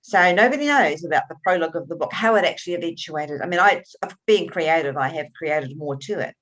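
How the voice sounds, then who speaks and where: A woman author being interviewed, telling her stories in an animated, expressive way and often restarting her sentences. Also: deep voice, brisk. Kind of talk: conversational interview.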